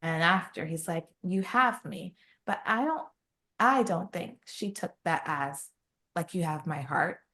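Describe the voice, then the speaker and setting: Low-voiced woman retelling a story. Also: unhurried. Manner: animated retelling, acts out quoted lines. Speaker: podcast co-host. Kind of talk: casual book recap chat.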